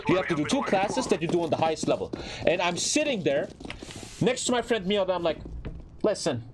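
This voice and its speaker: Animated German-accented man telling a story. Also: high-pitched, fast talker, a little hiss or hum. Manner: animated, swears often, repeats phrases for emphasis. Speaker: streamer. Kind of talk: casual storytelling while gaming.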